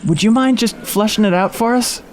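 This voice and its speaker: A man's voice: high-pitched, brisk, slight background noise. A man playing in a tabletop game, eager, agreeable and playful. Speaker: player. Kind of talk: tabletop role-play.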